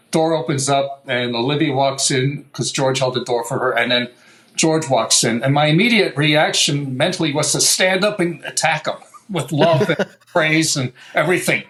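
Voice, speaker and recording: Animated older man, higher voice. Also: rough recording. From United States. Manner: animated, swears, acts out quotes. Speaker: guest luthier. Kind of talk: casual storytelling.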